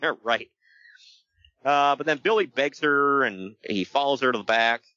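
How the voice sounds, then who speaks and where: Male podcast host, animated storyteller with a bright, dry close sound. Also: mid-range voice, a little slow, no echo, muffled recording. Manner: animated storyteller, laughs often, breaks into voices. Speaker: podcast host recapping wrestling. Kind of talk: casual chat.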